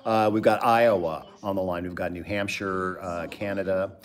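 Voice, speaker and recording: A middle-aged man with a very low voice hosts a loose live-stream chat. He rambles from one thought to the next, reads out viewer locations, and drops dry jokes along the way. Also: fairly even intonation, normal speed. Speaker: host.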